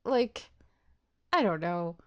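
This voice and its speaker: A woman's voice: lowish voice, lively intonation, slow, fairly bright tone, smooth. A woman hosting a let's play, chatting casually and self-deprecatingly about her schedule and the game, thinking aloud with many restarts and laughs. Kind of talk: casual gameplay commentary.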